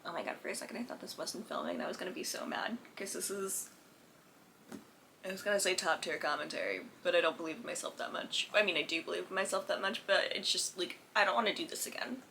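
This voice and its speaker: A woman's voice: fairly low pitch, fast talker, vocal fry, pushed and bright, slight background noise. A woman chatting casually about a sitcom while drawing at home, as host of a reaction video.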